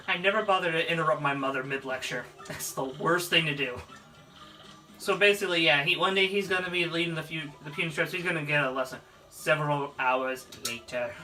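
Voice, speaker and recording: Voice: medium pitch, fairly quick, sharp tone, recorded from a distance. A let's play narrator giving casual, rambling gameplay commentary, with game music behind. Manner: rambling, laughs often.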